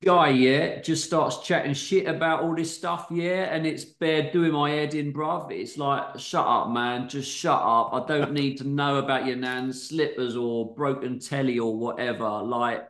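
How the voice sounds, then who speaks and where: A man's voice: medium pitch, fairly even intonation, a little slow, hardly any pauses, fairly bright tone. A man reading a story as a brash young London lad with a London youth-speak accent and swaggering slang. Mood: cocky. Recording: echoey room.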